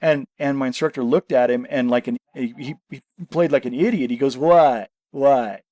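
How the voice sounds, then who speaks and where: A man hosting a podcast, telling lively anecdotes and often agreeing with his guest. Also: medium pitch, fairly quick, no echo. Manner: animated anecdotes, frequent agreeing. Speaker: podcast host. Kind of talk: conversational podcast chat.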